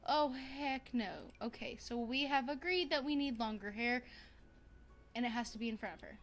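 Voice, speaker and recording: A young woman streaming a life-sim game, chatting casually to viewers in a bubbly, excitable way, gasping and repeating herself. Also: fairly high pitch, normal speed. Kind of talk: casual gaming stream chat.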